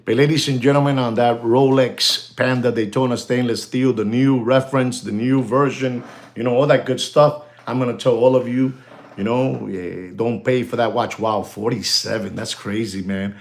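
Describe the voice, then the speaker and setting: A man hosting a live stream, excitable and animated, thanking viewers and mixing in exclamations. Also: medium pitch, moderate pace, vocal fry.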